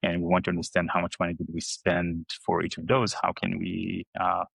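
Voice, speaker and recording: A deep, gravelly-voiced man from Israel talks through his business in a flat, even tone. He pauses often and fills the gaps with "uh" and "um." The sound is dry and close. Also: no room sound, poor audio. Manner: explains slowly with many fillers. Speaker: startup CEO guest. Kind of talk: conversational explanation.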